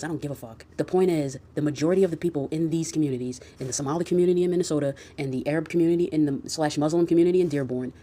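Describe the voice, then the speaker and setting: A woman's voice: sits low, dark tone. Blunt, profane woman ranting. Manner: blunt, profane, heated rhetorical questions. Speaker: commentator. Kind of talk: ranting social commentary.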